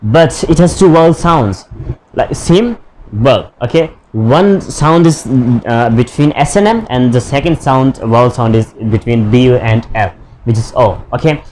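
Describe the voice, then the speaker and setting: A man's voice: mid-range voice, darkish tone, slight background noise, low-quality recording. Man teaching a lesson. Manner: explains slowly with many fillers and restarts. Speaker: English teacher. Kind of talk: online English lesson.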